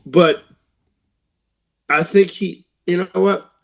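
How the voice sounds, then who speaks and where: A man's voice: high voice, steady tone, slow, creaky, a bit bright. A man co-hosting a casual podcast, laughing often and easygoing. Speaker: podcast co-host. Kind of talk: casual chat.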